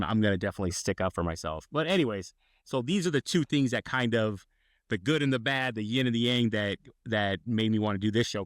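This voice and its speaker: A man's voice: mid-range voice, fairly bright tone, no echo, clean studio sound. A man co-hosting a podcast, telling a long story in casual chat and acting out the quotes. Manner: rambling storyteller, acts out quotes. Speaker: podcast co-host.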